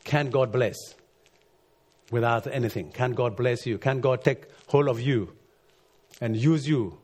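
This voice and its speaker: Husky-voiced preacher, earnest and emphatic. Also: male voice, measured pace, a little mellow. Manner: earnest, rising to emphatic peaks then dropping low. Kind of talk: sermon.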